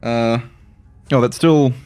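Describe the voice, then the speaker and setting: A man's voice: medium pitch, takes it slowly, warm tone, clear, resonant tone, no echo, soft background music. A man in his forties playing a tabletop game, stumbling and hesitating as he describes his character. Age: 40s. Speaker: player.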